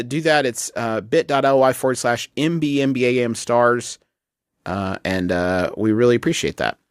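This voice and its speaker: A man's voice: mid-range voice, dry recording, studio quality. A man co-hosting a comedy podcast, talking in meandering, earnest asides. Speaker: podcast co-host. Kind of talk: casual comedy podcast banter.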